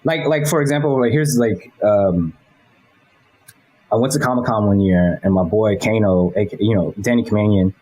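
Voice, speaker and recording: A man from Los Angeles, a guest in an interview, talking in a relaxed, rambling way with frequent swearing and laughter. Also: lowish voice, normal speed, husky, low-quality recording. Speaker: guest, animation director. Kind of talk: casual interview chat.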